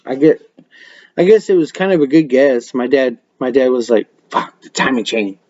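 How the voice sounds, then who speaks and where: A man with a mellow, darkish voice tells loose stories on a practice podcast, swearing freely and breaking into laughs. The audio is dull and lo-fi, like a webcam mic. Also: medium pitch, expressive, normal speed. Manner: profane, laughing, rambling storyteller. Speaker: podcast host. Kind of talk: casual storytelling.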